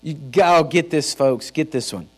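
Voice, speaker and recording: A man's voice: fairly high pitch, normal speed, husky. A man with a Texan accent, preaching a sermon to his church in a folksy, emphatic storytelling manner. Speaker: pastor.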